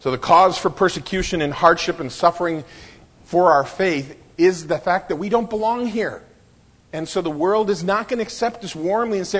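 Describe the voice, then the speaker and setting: High-voiced husky male preacher. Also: in a large hall. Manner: preaching with dramatic pauses and voiced quotes. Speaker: pastor. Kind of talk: sermon.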